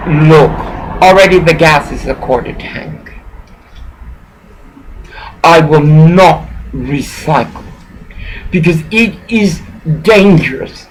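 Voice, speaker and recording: Woman ranting slowly into a video, rambly, emotional, lots of swearing. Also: low voice, slight background noise, low-quality recording. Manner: rambling, agitated, profane.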